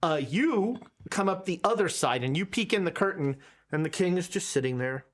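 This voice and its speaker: Woman game master, lower voice that moves a lot, halting narration. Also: lively intonation. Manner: halting, lots of fillers. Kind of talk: narrating a tabletop horror game.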